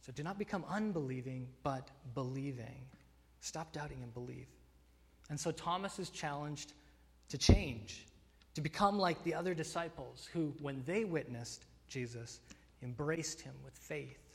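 A man's voice: fairly high pitch, normal speed. Earnest man preaching in a reverberant hall. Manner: earnest, emphatic, with fillers and restarts. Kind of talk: sermon.

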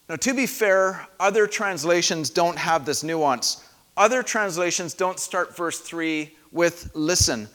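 A man preaching a sermon in a dramatic way, often dropping to a hush and then rising loud for emphasis. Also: high voice. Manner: dramatic, varies loudness for emphasis. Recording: long hall reverb.

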